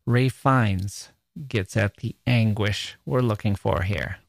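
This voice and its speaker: A man hosting a podcast about poetry, talking in an animated way and acting out rhythms with nonsense syllables. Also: fairly low pitch, takes it slowly, creaky, no room sound. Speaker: podcast host.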